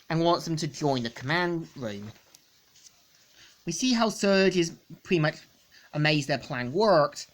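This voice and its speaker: Woman going over a comic plot, kinda low voice, says "and of course" a lot. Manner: rambling, repeats stock phrases. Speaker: comic book reviewer. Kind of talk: casual plot recap.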